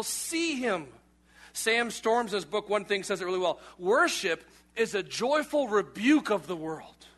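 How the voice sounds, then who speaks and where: A man in his thirties, a pastor preaching a lively, joking sermon in a conversational way. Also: high-pitched. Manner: animated, conversational preaching with jokes.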